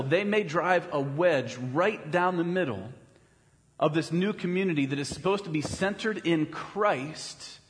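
Guy pastor giving a chatty sermon, kinda high voice, lots of "right?". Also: in a large hall. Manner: conversational preaching with rhetorical questions. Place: church.

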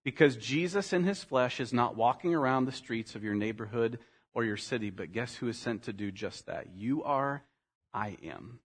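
A man preaching a sermon as pastor, animated, climbing to emphatic highs and sinking to quiet, earnest lines, with quick acted asides for people in the story. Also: slightly rough. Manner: animated, rising to emphatic peaks and dropping to quiet.

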